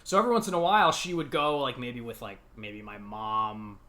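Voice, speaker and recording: A man in his thirties from the United States, co-hosting a podcast and telling childhood stories in a lively, laughing way, acting out the voices in them. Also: medium pitch, brisk. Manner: animated, laughing, acts out quotes. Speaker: podcast co-host. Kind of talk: casual storytelling chat.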